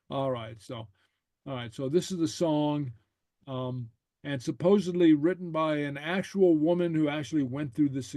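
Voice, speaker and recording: A man's voice: on the high side, warm tone, no echo. A man teaching a language class, patiently saying phrases and translating them line by line. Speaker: Gaelic teacher.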